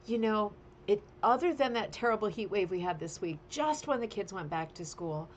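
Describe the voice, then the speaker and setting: A woman's voice: medium pitch, animated, moderate pace, a little hiss or hum. A middle-aged woman hosting a casual craft livestream from home, chatty and playful as she greets viewers. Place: home, sitting at a table. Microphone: webcam livestream.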